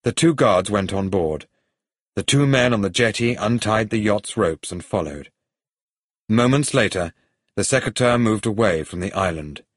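A man reads an adventure story aloud in a steady, even way. His voice sits low and is slightly husky. The recording is dry and close to the mic. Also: normal speed, dry recording. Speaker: narrator. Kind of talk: audiobook story reading.

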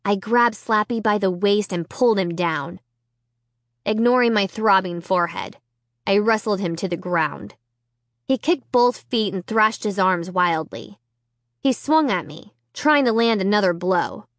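A woman narrating a children's chapter book in the first person, with tense, expressive reading. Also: medium pitch, unhurried, dry recording, studio quality. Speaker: audiobook narrator.

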